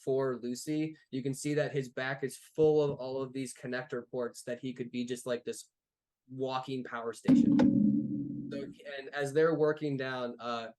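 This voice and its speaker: A man's voice: mid-range voice, little pitch movement, normal speed, darkish tone. Rambling male game master. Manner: loose, rambling descriptions with fillers. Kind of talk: narrating a tabletop game.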